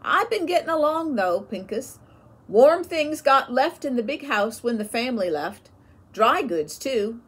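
A fervent, homely old mother from a storybook, speaking in folksy rural dialect with a lively, swooping voice, as a woman reader puts her on. She talks slowly and a little breathily, raised higher than plain speech. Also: husky, full character voice. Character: devout older mother, tender and homely.

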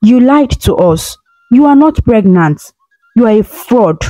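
A woman's voice: medium pitch, very animated, normal speed, no echo, faint music behind, poor audio. Woman voicing a suspicious, accusing mother-in-law. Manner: accusing, sharp.

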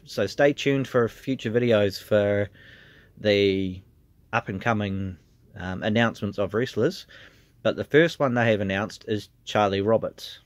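Slow, earnest New Zealand man. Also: fairly low pitch, no echo. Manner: earnest and heartfelt, with frequent fillers. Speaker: trainee pro wrestler. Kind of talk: casual vlog promo.

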